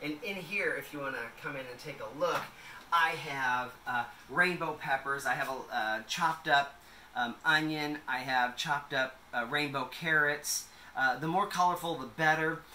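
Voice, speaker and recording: A man's voice: a little high, a little slow, pushed and bright, a little hiss or hum. A man in a casual home kitchen vlog, talking in a loose, rambling way with many fillers as he makes a salad. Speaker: vlogger. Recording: echoey room, a bit distant.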